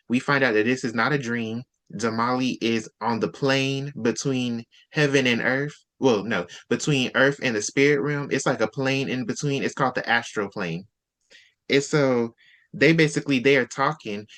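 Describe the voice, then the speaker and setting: A man hosting a casual book discussion, retelling scenes with lively voiced-out quotes. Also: mid-range voice. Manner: animated storytelling, acts out character lines.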